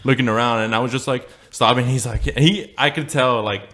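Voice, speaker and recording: A man's voice: mid-range voice, steady tone, brisk, fairly bright tone. A young man co-hosting a podcast, telling a childhood story in a rambling, swearing, laughing way. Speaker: podcast co-host. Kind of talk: casual storytelling chat.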